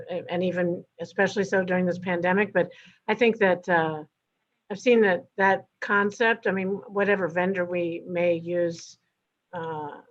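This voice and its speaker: Female official, measured supportive remarks, muffled lo-fi audio. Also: medium pitch. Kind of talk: budget hearing remarks.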